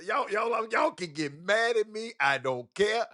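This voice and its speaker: A man's voice: high-pitched, lively intonation, moderate pace, pushed and bright. A man hosting a casual sports call-in show, loose and rambling, repeating words and talking to listeners as y'all.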